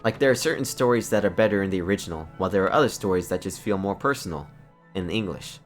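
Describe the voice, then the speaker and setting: A woman's voice: very deep voice, expressive, fast talker, soft background music. A woman streaming a game, making wry, chatty asides. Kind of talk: casual game stream commentary.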